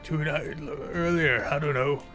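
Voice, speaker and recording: A woman's voice: low voice, fairly even intonation, unhurried, a bit bright, faint music behind. A woman voicing a sleepy, grumpy male minotaur who keeps his business to himself. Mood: gruff. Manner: gruff, guarded, dismissive.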